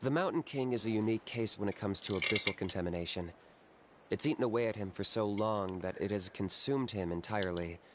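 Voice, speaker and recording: An actor playing a solemn male clan elder in a game, explaining things in a measured, grave way. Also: on the low side, a little hiss or hum, natural voice.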